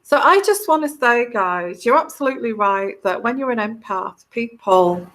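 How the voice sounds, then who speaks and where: A woman's voice: a little high, lively intonation, moderate pace, a bit bright. A woman hosting a live stream as a tarot reader, talking heartfelt and rambling to her viewers, often restarting her sentences. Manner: rambling, heartfelt, with frequent restarts and put-on quoted voices.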